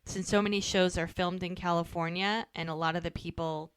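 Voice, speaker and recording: An American woman co-hosts a podcast, chatting and rambling through an episode recap while quoting characters in lively voices. Her voice sits on the low side and moves a little fast, with a clean tone. The dry recording has studio quality.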